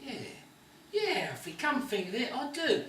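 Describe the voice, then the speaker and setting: A woman's voice: sits high, very animated, normal speed, fairly bright tone. A woman playing an earnest, homesick married man in a hospital bed, pleading about his wife and children. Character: devoted married male patient, homesick. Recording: echoey room, distant mic, faint noise.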